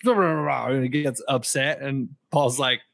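A man's voice: mid-range voice, slow pace, vocal fry, a bit bright, dry recording. Male co-host, enthusiastic casual reactions, dead dry recording. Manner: reactive, enthusiastic, brief affirmations. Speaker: book podcast co-host. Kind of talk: casual book discussion.

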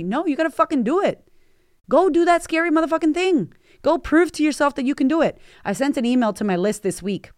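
A woman's voice: on the high side, dry recording, studio quality. A woman in her forties hosting a motivational podcast, talking bluntly and emphatically with plenty of swearing. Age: 40s. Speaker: podcast host.

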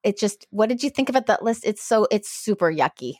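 A woman discusses a book with her co-host in an animated, chatty way. Her voice is at a middle pitch for a woman. The recording is dry and close. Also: a little fast, dry recording. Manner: animated, chatty, reacts with disgust and laughter.

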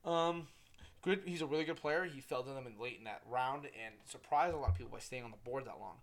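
Running his own casual sports podcast solo, a young man talks fairly fast in a mid-range voice, drifting from point to point, correcting himself and swearing liberally.

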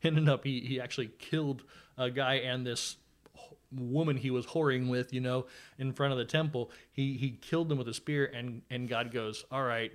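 A man's voice: mid-range voice, steady tone, normal speed. Guy hosting a bible podcast, chatty and casual, bit of dry sarcasm. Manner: conversational, with fillers and dry sarcasm. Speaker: podcast host. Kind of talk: casual Bible study chat.

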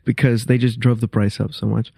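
A man's voice: medium pitch, level tone, a little fast, creaky, mellow, breathy edge, no room sound, studio quality. A male guest comedian in a casual podcast chat, rambling through stories and laughing as he talks.

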